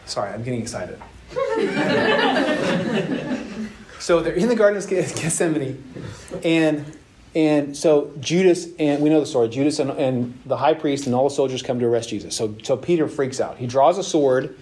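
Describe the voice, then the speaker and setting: A man teaching a casual Bible lesson to young adults, retelling the story with lively acted-out voices. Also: fairly high pitch, normal speed, slight background noise. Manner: animated storytelling, acts out voices with laughs.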